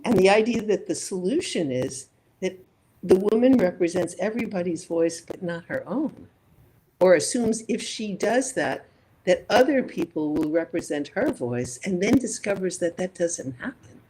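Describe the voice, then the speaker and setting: A woman's voice: lowish voice, expressive, normal speed, mellow, a little hiss or hum, low-quality recording. A woman psychologist being interviewed, building her points thoughtfully through examples and rhetorical questions. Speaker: psychologist guest. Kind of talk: reflective interview conversation.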